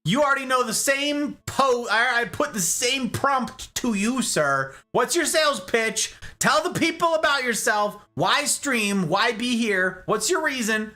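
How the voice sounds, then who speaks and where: A man's voice: very high-pitched, expressive, unhurried, hardly any pauses, bright, forceful tone. A man streaming a game live, chatting casually and bantering with his viewers, laughing often.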